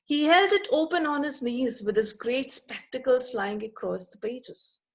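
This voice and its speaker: A woman's voice: high voice, animated, measured pace, poor audio. A woman teacher explains a text line by line, repeating and rephrasing each point as she goes.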